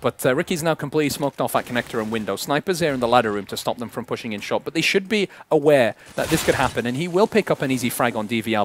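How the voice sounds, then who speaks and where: A man calls a competitive shooter match live at a quick clip. His voice climbs and gets louder when the fighting starts. Game gunfire and clicks run faintly underneath. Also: mid-range voice, slight background noise. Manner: excitable, voice jumps up during fights. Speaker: esports commentator. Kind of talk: live play-by-play commentary.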